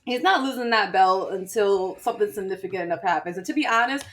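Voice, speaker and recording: A woman's voice: mid-range voice, quick pace. A woman co-hosting a podcast, chatting casually with lots of fillers and laughter. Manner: animated, laughs a lot, filler-heavy. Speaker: podcast co-host. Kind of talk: casual chat.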